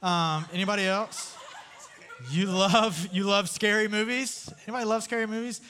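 Man, youth speaker, slightly high voice, chatty storytelling sermon, asks the crowd questions, long hall echo. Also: fairly even intonation, moderate pace, pushed and bright, slight background noise. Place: large room with a live audience.

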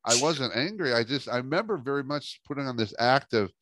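A middle-aged man, a business coach, telling a lively story in an interview and acting out the dialogue. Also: medium pitch, brisk, dry recording, studio quality. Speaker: business coach and speaker, guest.

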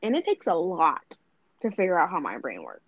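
A woman's voice: fairly low pitch, wildly swooping pitch, moderate pace, husky, no echo, highs cut off. A young woman co-hosting a podcast, talking bluntly and rambling with lots of fillers and swearing. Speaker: podcast co-host. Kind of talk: casual chat.

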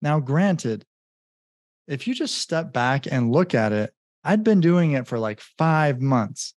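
A man's voice: a little high, sing-song, slow, darkish tone, no echo, studio quality. A man, a business coach and guest, telling his story in a rambling casual way with many fillers and acted-out quotes. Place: home in Mexico.

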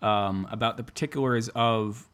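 A man's voice: fairly low pitch, normal speed, a crowd in the background. Rambling, swearing podcast co-host man. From Chelmsford, Massachusetts area. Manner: rambling, profane, laughs often. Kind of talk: casual chat. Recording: close studio podcast mic.

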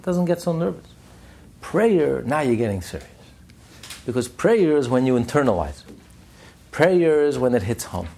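A man lecturing a study class, animated and emphatic, repeating phrases for stress. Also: a little high, gravelly, a little hiss or hum. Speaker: Torah class teacher.

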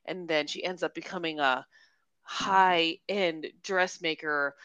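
A woman's voice: sits low, steady tone, slow, fairly bright tone, clear, resonant tone, no echo. A young woman co-hosting a book podcast, chatting enthusiastically and laughing often. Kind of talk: casual chat.

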